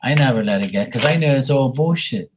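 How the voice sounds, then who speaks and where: A man's voice: medium pitch, lively intonation, brisk, background noise. A man chatting casually with viewers on his live tarot stream, blunt and swearing freely.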